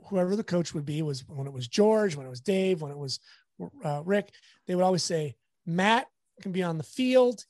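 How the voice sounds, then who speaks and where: High-voiced and animated, this man recounts stories from his work as a sports photographer during a relaxed interview. He performs the quotes of the people he mentions. No room sound is audible.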